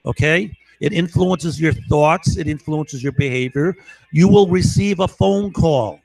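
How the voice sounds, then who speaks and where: A man's voice: fairly high pitch, unhurried, gravelly, a little mellow, no room sound, rough recording. A man talking urgently and emphatically in a rambling monologue to camera, repeating his points. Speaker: vlogger.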